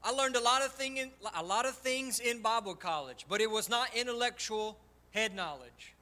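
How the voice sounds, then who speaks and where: Man, pastor, high bright voice, passionate sermon delivery in a church. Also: normal speed. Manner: impassioned, personal testimony, swings loud and soft. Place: church sanctuary.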